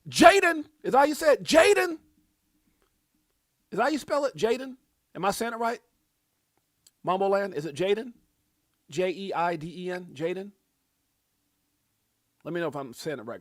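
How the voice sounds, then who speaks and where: A man hosting a casual livestream, hyped and preachy, shouting out viewers by name. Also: high voice, lively intonation, quick pace, pauses often, no room sound, studio quality. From United States. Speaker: livestream host.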